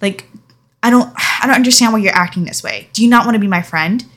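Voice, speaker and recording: A woman's voice: mid-range voice, fast, fairly bright tone, natural voice. A woman quoting an anxious pleading girlfriend. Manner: insistent, repeating questions.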